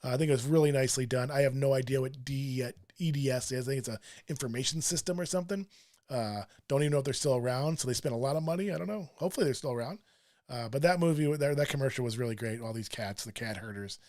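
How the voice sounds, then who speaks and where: A man's voice: medium pitch, fast talker, a little mellow. A middle-aged man hosting a sports show, chatting casually through a countdown list, rambling with lots of fillers and self-deprecating asides.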